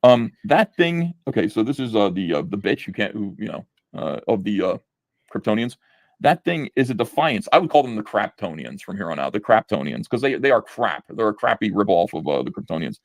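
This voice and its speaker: A man's voice: fairly low pitch, big pitch swings, fairly quick, no room sound. Sarcastic man mocking a comic. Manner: sarcastic, incredulous, laughs at the text. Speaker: comic book reviewer. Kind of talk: mocking read-through review.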